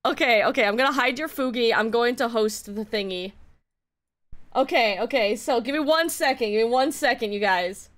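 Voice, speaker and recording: A woman streaming and chatting, giddy, laughing a lot and swearing as she talks in excited bursts. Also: on the high side, moderate pace. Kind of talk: excited casual stream chat.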